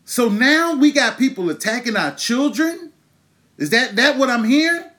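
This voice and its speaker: A man's voice: very high-pitched, lively intonation, moderate pace, sharp tone. A man in his thirties hosting his own show, ranting with angry, profane emphasis and pointed rhetorical questions. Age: 30s. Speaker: podcast host. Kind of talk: impassioned monologue.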